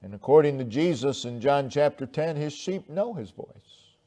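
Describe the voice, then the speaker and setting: A man preaching a sermon, slow and deliberate, with long pauses and swelling emphasis. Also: a little high, expressive, dark tone. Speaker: pastor.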